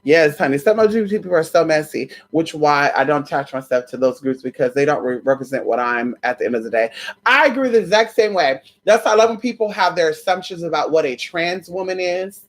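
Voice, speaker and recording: A sassy woman vlogger tells a story directly to her viewers, animated and casual, cursing freely. Her voice is low-pitched and her pace brisk.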